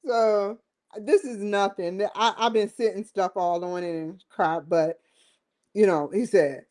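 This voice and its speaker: Brief: woman host of a one-person stream show, slow, chatty, laughs a lot, easily sidetracked. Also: mid-range voice, darkish tone. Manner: rambling, jokey, laughs often. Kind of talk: casual livestream chat.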